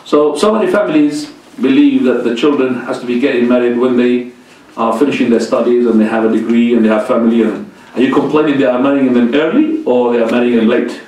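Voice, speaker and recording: Animated preacher in a very echoey hall. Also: male voice, medium pitch, quick pace, distant mic. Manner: animated, joking, repeats religious exclamations. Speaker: sheikh giving a talk. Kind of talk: informal mosque lecture with questions. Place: large mosque hall.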